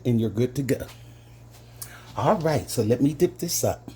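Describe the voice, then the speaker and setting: Slow, mellow-voiced man demonstrating a recipe. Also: medium pitch, animated, husky. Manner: chatty, keeps calling viewers "guys" and savoring with "mmm". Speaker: home cooking channel host. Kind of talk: casual cooking demonstration.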